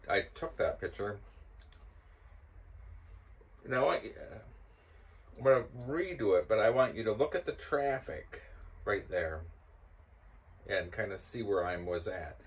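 An older man hosting and casually telling a story, growing loud and laughing as it builds. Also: fairly low pitch, animated, a little slow, pauses often. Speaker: host.

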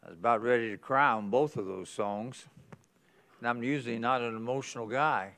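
A man's voice: medium pitch, fairly quick, a bit bright. A man in his eighties from West Virginia, a pastor with a West Virginian accent, telling folksy stories at a conference sermon and chuckling often. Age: 80s. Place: church conference hall.

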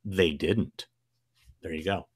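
A man's voice: sits low, slow, breathy edge, dry recording, studio quality. A man co-hosting a live horror podcast in casual chat, playful and prone to restarts. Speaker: podcast co-host.

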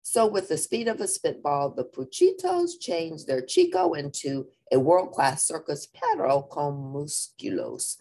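A woman reading a children's picture book aloud in an expressive, playful way. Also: sits low, unhurried, few pauses. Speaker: storybook reader.

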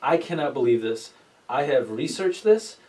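A man hosting a casual podcast, telling a rambling story, swearing often and acting out the quotes with lively voices. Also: mid-range voice, normal speed, recorded from a distance, low-quality recording. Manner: rambling storyteller, swears a lot, animated quoting. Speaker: podcast host. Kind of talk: casual chat.

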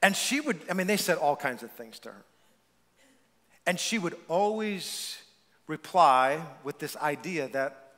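High, bright preacher in a big hall. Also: male voice, measured pace. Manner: energetic preacher with repetitions and stammered restarts. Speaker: pastor. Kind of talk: sermon. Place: church sanctuary.

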